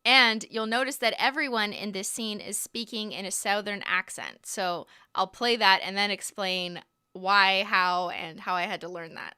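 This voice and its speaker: A woman's voice: mid-range voice, normal speed, bright, forceful tone, clear, resonant tone, dry recording. A young woman hosting a casual livestream, chatty and laughing often, trailing off into restarts. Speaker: livestream host.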